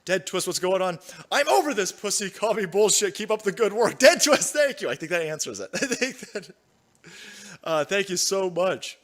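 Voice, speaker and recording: High-pitched and very animated, a livestream host talks a little fast, reading out donations between crude, sarcastic riffs. His commentary is profane and full of laughter.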